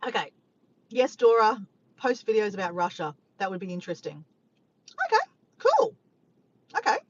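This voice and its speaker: A woman's voice: fairly high pitch, very animated, a little fast, long pauses, breathy edge, lo-fi sound. A woman chatting casually on a live stream from her car by the beach, reading viewer comments, laughing and teasing playfully.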